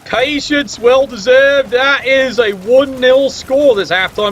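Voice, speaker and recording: A man's voice: very high-pitched, a little slow, a bit bright, slightly rough. Wry man calling a tabletop sports game. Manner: wry, joking, playfully biased. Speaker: game commentator. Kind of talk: casual play-by-play commentary. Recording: dull lo-fi recording.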